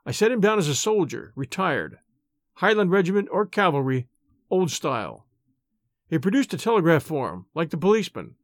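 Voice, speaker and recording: A man reads an audiobook in first-person narration with steady, clear storytelling. His voice sits high and moves widely in pitch, and the recording is close and dry. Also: normal speed, no echo. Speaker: audiobook reader.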